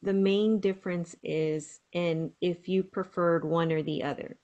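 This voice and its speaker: A woman interviewer briskly asking a soldier questions for an online audience. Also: fairly low pitch, fairly even intonation, warm tone, lo-fi sound.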